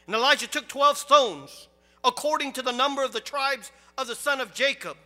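A high, very bright male voice preaches a sermon, moving from soft storytelling to loud, animated calls. The sound carries a long hall echo with faint music behind it. He talks as a pastor to his congregation. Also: moderate pace.

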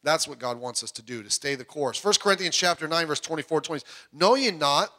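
A middle-aged male pastor preaching with a high, bright voice. He is animated and jokes with the congregation. He sometimes breaks into loud outbursts. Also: a little fast. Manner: puts on voices when quoting people. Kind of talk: sermon.

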